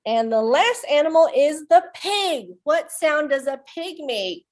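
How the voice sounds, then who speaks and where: A woman leads a children's storytime from a webcam, reading each line slowly and clearly. Her voice sits a bit high and swings widely in pitch, playful and coaxing as she makes animal sounds with the children. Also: lively intonation. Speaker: children's librarian.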